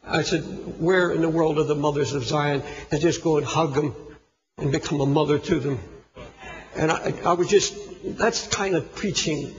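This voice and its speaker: A man's voice: on the high side, fairly even intonation, moderate pace. A man preaching a sermon, telling a story with fervent, impassioned delivery. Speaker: pastor. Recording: echoey hall, dull lo-fi recording.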